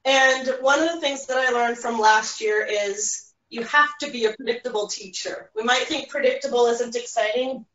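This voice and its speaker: A woman's voice: fairly high pitch, a bit bright. A woman Spanish teacher patiently explaining a lesson to other teachers, with frequent fillers. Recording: roomy, distant, dull classroom audio.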